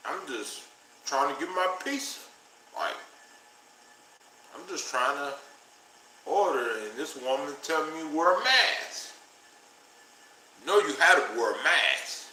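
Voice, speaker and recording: A man voicing a calm young male customer who protests that he only wants to order food. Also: fairly high pitch, slow, pauses often, voice pushed up, exaggerated voice. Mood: protesting. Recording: roomy with faint noise.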